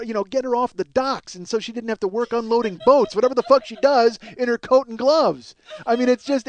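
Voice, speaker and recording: A man's voice: very high-pitched, no echo. A man in his forties, hosting a podcast, tells a comic story in a profane, self-mocking, ranting way. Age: 40s. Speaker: podcast host. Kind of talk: comedic storytelling monologue.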